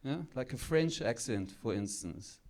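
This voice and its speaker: A man's voice: mid-range voice, animated, measured pace, darkish tone. A young man with a German-South African accent doing a chatty stand-up comedy set on a club stage. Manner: chatty, tag questions. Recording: live club with audience.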